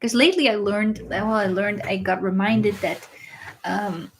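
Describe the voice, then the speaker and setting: A woman, hosting a casual livestream and answering viewers in a chatty way, often pausing with uh and um. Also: mid-range voice, fairly even intonation, slight background noise. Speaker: livestream host reading viewer messages.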